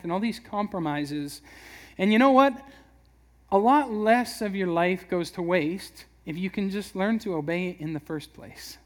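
A man giving a casual, conversational sermon, acting out quick voices for everyday scenes. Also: sits high. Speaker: preacher.

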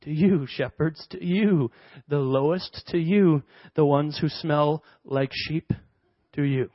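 A young man preaching a sermon as a pastor, animated and conversational with playful asides. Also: on the high side, takes it slowly, no room sound. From Canada. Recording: dry, dull lo-fi sound.

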